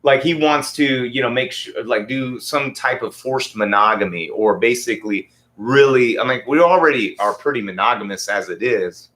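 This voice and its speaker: A man's voice: mid-range voice, normal speed, few pauses, fairly bright tone. A man in his forties hosting a podcast, ranting casually and heatedly with lots of swearing. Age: 40s. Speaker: podcast host. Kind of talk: casual rant.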